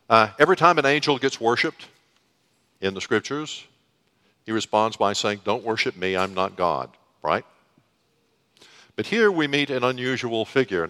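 A man preaching a sermon, slow and deliberate, with dramatic pauses. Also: on the low side, bright, forceful tone. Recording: long reverb of a hall.

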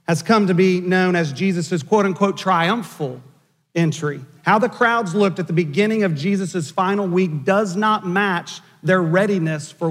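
A man pastor delivering a sermon, telling a story with dry asides and measured, emphatic phrasing. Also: high voice, big-room sound.

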